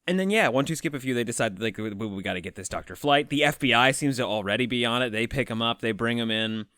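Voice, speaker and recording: A man's voice: medium pitch, quick pace, bright, forceful tone, clean tone, dry recording, clean studio sound. A man co-hosting a horror film podcast in casual chat. He is playful, rambles, and swears casually. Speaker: podcast co-host.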